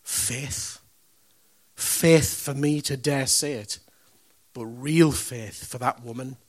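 A man preaching a sermon, telling a story in a conversational way that swings from loud, punchy lines to hushed, reverent moments. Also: mid-range voice, steady tone, slow.

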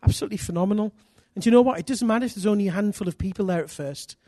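A middle-aged Englishman preaches a sermon packed with personal stories, his high voice racing along. He's energetic and self-deprecating, breaking into loud emphasis now and then. The recording is dry, with clean studio sound.

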